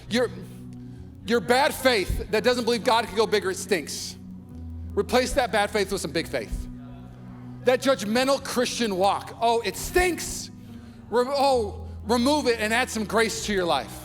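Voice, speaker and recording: A young adult male pastor preaching a sermon with lots of energy, shouting out lines and acting out quoted voices. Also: very high-pitched, lively intonation, moderate pace, pauses often, in a large hall, faint music behind. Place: large church hall.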